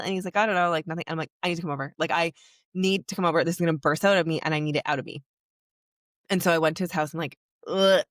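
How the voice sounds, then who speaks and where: A woman's voice: deep voice, a bit bright, no echo, clean studio sound. A young woman hosting a podcast, telling an emotional personal story in a candid, rambling way full of "like". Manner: candid, emotional, heavy use of "like". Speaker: podcast host.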